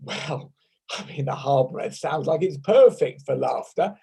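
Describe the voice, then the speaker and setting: A British man leads a laughter yoga class over a video call from his desk microphone. His voice sits high for a man, and he talks slowly. He keeps things playful and chatty, with sudden bursts of laughter. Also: animated, gravelly, mellow, breathy edge, rough recording. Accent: British English. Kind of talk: leading a group exercise over video call. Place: at a desk at home.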